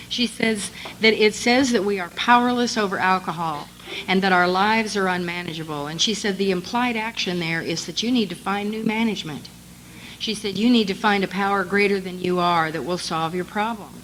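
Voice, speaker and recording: A woman sharing her recovery story in an easy, conversational style, changing her voice to play both sides of past conversations. Her pitch sits in the middle of the range. A faint hiss stays under her voice. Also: rough recording. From United States. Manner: conversational storytelling, quotes others with animated voice shifts. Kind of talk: conference talk.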